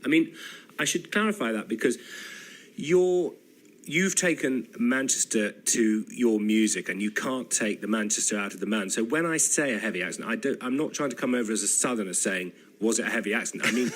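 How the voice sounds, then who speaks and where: Lively-voiced male radio presenter. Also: fairly low pitch, moderate pace. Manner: probing, conversational questions. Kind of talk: radio interview.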